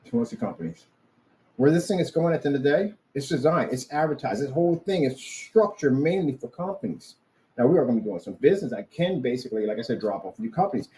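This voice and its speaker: Man vlogger, lively swooping pitch, boastful and repetitive rant. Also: quick pace, low-quality recording. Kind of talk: rambling monologue.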